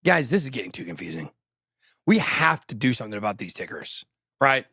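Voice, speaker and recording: Man, crypto show host, casual chat, joking and self-mocking, mid-pitched voice, dry close sound. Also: big pitch swings, brisk, sharp tone, husky, no room sound. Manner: joking, self-mocking, reads news with tangents.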